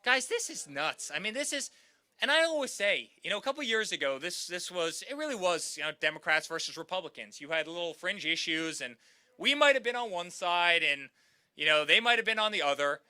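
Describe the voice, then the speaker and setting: A man's voice: sits high, animated, a little fast, bright, forceful tone, smooth. A man in his thirties giving a campaign rally speech, repeating lines and calling the crowd "guys". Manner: repetitive, rallying crowd, addresses them as guys. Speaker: campaign speaker.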